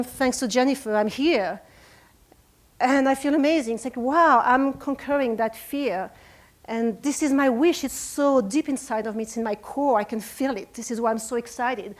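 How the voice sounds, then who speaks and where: A woman in her forties with a French accent, giving an earnest, emotional motivational talk at a retreat. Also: fairly high pitch. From France. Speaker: speaker. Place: retreat conference room.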